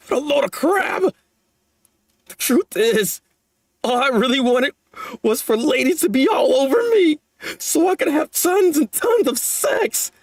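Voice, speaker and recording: A man's voice: very high voice, dry recording, clean studio sound, pitched above the performer's own voice, full character voice. A man reading out the lines of a frustrated, girl-crazy teenage boy from a manga, in a whining, self-pitying voice. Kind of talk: manga panels read aloud.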